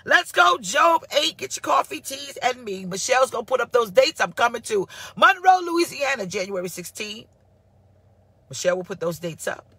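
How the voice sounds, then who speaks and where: A woman pastor giving a casual live-streamed sermon, sassy and animated as she answers her online viewers. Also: a little high, normal speed, husky, no echo. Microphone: phone or computer mic for live stream.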